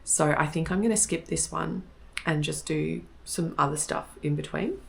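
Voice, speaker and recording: A woman, hosting a podcast in a relaxed, chatty way with frequent self-corrections. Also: low voice, moderate pace, vocal fry. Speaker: podcast host. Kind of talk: casual chat.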